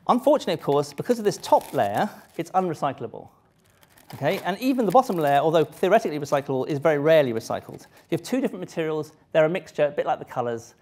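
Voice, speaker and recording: Animated man giving a lecture. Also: on the high side, quick pace. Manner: lively, self-interrupting, joking with audience. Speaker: public lecturer. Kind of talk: live science lecture. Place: lecture hall.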